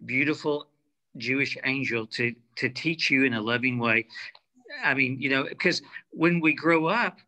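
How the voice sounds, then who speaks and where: A man's voice: mid-range voice, measured pace, pushed and bright. A man co-hosting a faith talk show, responding with affirming interjections and reflective remarks. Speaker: co-host.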